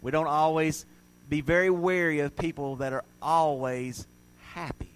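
Male pastor, sermon delivery, slightly high voice, shifts between booming and hushed. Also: moderate pace, smooth, poor audio. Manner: swings from loud animated storytelling to soft hushed reflection.

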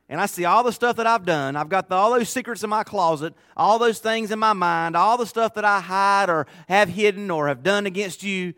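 A man's voice: high-pitched, brisk, few pauses, pushed and bright, no echo, clean studio sound. A male pastor preaching a sermon in a conversational, emphatic way, often repeating phrases.

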